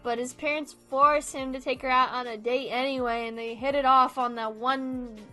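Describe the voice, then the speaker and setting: Over faint background music, a young woman with a high, sharp voice and fairly even intonation vents about a movie at a moderate pace. This video creator sounds exasperated, curses frequently, and keeps laughing through her casual rant.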